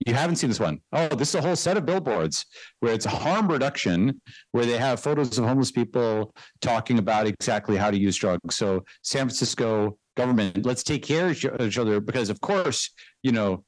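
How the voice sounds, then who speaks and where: A man's voice: mid-range voice, expressive, dry recording. A man guest in a conversational interview, talking in an emphatic way and often tagging his points with "right?" and "okay.". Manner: fast, emphatic, tags remarks with "right?" and "okay". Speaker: guest investor.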